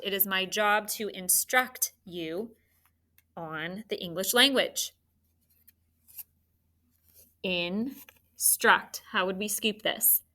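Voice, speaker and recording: A woman teaching a spelling and phonics lesson to children. Her voice is bright and forward, and she speaks slowly and deliberately, spelling words letter by letter and praising the class as she goes. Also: mid-range voice. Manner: slow, clear, encouraging teacher talk with spelled-out letters.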